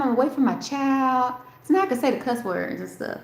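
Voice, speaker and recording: A woman's voice: high voice, lively intonation, brisk, vocal fry. A woman hosting a casual live stream, rambling and talking straight to her chat, swearing freely. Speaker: livestream host. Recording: roomy echo.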